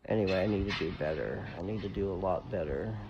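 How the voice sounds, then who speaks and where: A man's voice: low-pitched, fast talker, muffled recording, noisy background. Rambling, scattered man talking to viewers. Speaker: vlogger. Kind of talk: casual rambling vlog talk. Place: indoors at home, walking between rooms.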